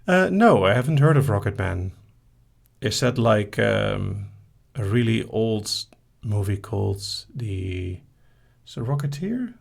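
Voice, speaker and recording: A male hypnosis host with a lowish, creaky voice speaks slowly in a sing-song way. On a casual live-stream Q&A, he reads listener questions and answers them briefly with light laughs.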